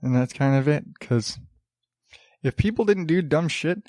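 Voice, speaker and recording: A man's voice: fairly high pitch, animated, unhurried, a little mellow, no room sound, clean studio sound. A man hosting his own podcast, rambling and sarcastic, restarting sentences and chuckling as he mocks the news. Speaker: podcast host. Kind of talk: casual solo podcast monologue. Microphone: studio podcast mic.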